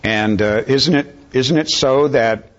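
A man preaching a sermon in an unhurried, earnest way, drawing in his listeners. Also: mid-range voice. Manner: unhurried, earnest, calls for amens. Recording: slightly dull lo-fi recording.

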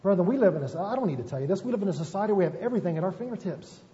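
Male pastor, folksy conversational sermon, higher mellow tone; lo-fi reverberant sanctuary recording. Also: lively intonation, very fast. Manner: folksy, asks "right?" often, self-deprecating asides. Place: church sanctuary. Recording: muffled, echoey church hall recording.

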